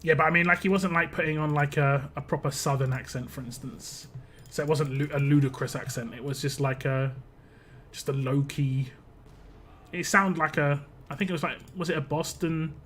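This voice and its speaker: During a live game stream, a man from the United Kingdom rambles casually with viewers, frequently interrupting himself. His voice is a little high and a bit bright, steady in tone at a moderate pace, with slight hiss or hum.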